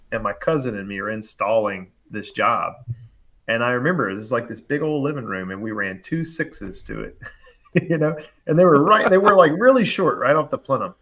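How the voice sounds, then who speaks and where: A man's voice: medium pitch, a bit bright. A young adult man, an HVAC contractor, casually telling a long story on a live panel show, acting out the voices of the people he quotes.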